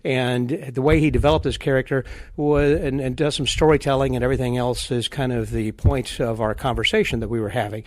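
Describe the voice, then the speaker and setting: A man's voice: mid-range voice, steady tone, fairly quick, few pauses, a little mellow, dry recording. Host, male, Midwestern accent, casual and rambly, lots of fillers. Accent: Midwestern American. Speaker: podcast host. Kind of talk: casual interview chat.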